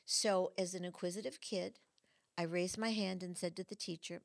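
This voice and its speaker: Animated middle-aged woman hosting a chat. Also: on the low side, normal speed, gravelly. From Michigan. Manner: animated storyteller, acts out quotes. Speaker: host. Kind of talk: casual chat.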